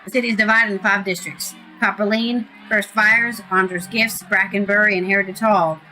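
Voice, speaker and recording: A woman reading a gruff, scornful male townsman agitator in a loose British accent, in a bright voice. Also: medium pitch, fairly even intonation, moderate pace, soft background music, lightly acted, rough recording. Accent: British attempt.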